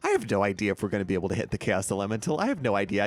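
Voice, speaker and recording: Excitable man narrating his gameplay. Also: a little high, fast talker, few pauses, soft background music. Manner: chatty and excitable, laughs often. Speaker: co-host of a gaming series. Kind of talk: casual gameplay commentary.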